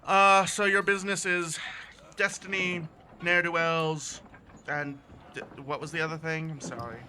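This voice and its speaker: An older dockmaster, curt and dismissive, who stretches out his words. A man acts him out in a tabletop game, in a forceful, sharp voice. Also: fairly high pitch, fairly even intonation, slight background noise. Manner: impatient, drawn-out and dismissive.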